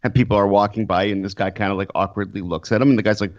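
A man's voice: on the low side, steady tone, rapid-fire, no room sound. A man co-hosting a podcast, telling rambling stories in casual chat with crude jokes. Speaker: podcast co-host. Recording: dry, dull lo-fi sound.

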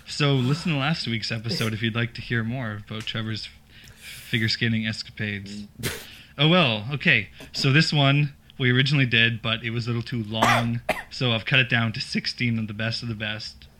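A man co-hosting a casual podcast, with a very bright, sharp voice at a mid pitch. He delivers jokes deadpan and laughs often. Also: fairly quick, rough recording. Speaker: podcast co-host.

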